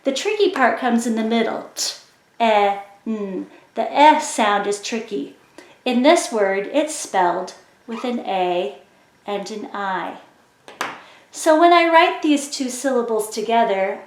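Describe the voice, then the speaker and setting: A woman teaching a phonics lesson to children, explaining slowly and clearly with encouraging prompts. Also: on the high side, animated, a little hiss or hum. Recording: echoey room.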